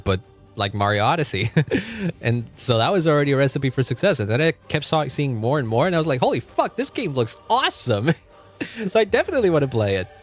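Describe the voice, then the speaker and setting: A young man streaming a game from home, chatting casually, swearing freely and laughing often. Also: mid-range voice. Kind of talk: casual gaming livestream chat.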